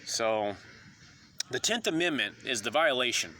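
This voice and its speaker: A man's voice: medium pitch, expressive, unhurried, bright, forceful tone. A man delivering an indignant, rambling monologue to camera about constitutional rights, full of ums and uhs. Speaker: video commentator.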